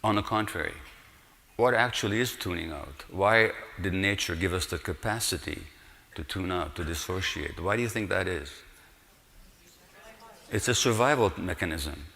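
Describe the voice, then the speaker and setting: A man with a low, forceful voice delivers an earnest public lecture as a physician, driving points home with rhetorical questions. His voice rings out in a large hall with a long reverb tail. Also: normal speed, creaky.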